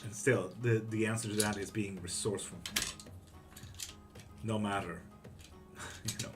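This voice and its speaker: A man's voice: lowish voice, fairly even intonation, measured pace, music in the background. A man hosting a casual livestream tarot reading who reads viewers' questions aloud and answers them bluntly, swearing freely.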